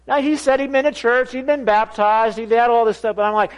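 High-voiced man telling a sermon story. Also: fast, hardly any pauses. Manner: animated, laughing storyteller who acts out quoted voices. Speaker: pastor. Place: church sanctuary.

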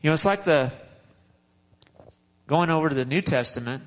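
A man's voice: a little high, animated, moderate pace, poor audio. A male pastor preaches in a loose, conversational way, repeating phrases for emphasis and often restarting his sentences. His voice sits a little above the usual range for a man. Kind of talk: sermon.

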